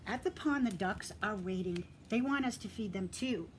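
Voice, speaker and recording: A preschool teacher reads a picture book aloud to young children in a gentle, encouraging way, speaking to them directly and dropping to a soft whisper for quiet moments. Her voice is mid-range and expressive at a normal speed, with slight background noise.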